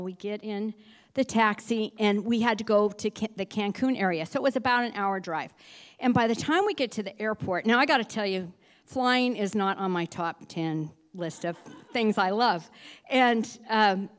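A middle-aged woman telling a lively travel story as a testimony in church, slowing down to read scripture aloud. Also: medium pitch. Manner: animated storytelling, reads scripture slowly. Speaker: church speaker sharing a testimony.

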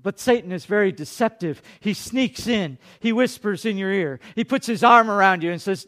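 A male pastor preaching a sermon, dropping to hushed tones and rising to loud, dramatic peaks. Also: animated, moderate pace, few pauses. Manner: dynamic, swinging from hushed to booming.

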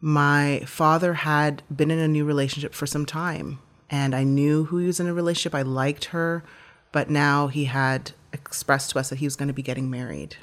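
A woman's voice: sits low, level tone, moderate pace. A woman guest telling a personal story in a heartfelt, vivid way, often restarting her phrases.

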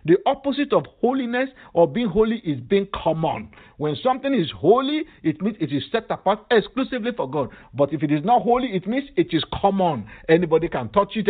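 A male pastor leading a fervent prayer sermon, repeating emphatic phrases. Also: sits high. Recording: tinny phone-line sound.

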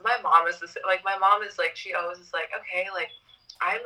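A woman guest in a casual chat, animated and swearing, laughing at her own troubles. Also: fairly low pitch, fast, far from the mic, poor audio.

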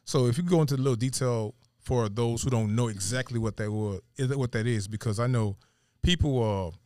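A man's voice: mid-range voice, a little fast, a little mellow, smooth, no echo, studio quality. A man hosting a casual interview, asking loose questions with plenty of fillers and restarts. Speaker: show host.

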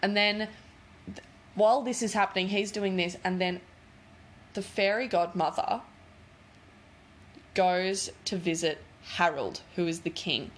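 A woman's voice: medium pitch, measured pace, long pauses. Rambling, giggly woman retelling a plot. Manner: rambling, giggly, uses filler "like" often. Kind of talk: casual chat, retelling a film plot.

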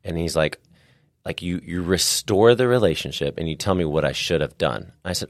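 With a low voice at normal speed, a man who owns a gym co-hosts a casual faith podcast, telling stories earnestly and animatedly, stressing points again and again. The studio-quality sound has no echo.

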